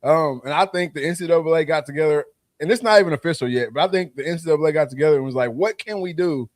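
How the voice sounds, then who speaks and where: A man's voice: on the high side, very fast, no echo. A man from Arkansas, co-hosting a casual podcast and hyping the chat and giveaways. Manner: laid-back, hypes the chat and giveaways. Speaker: podcast co-host.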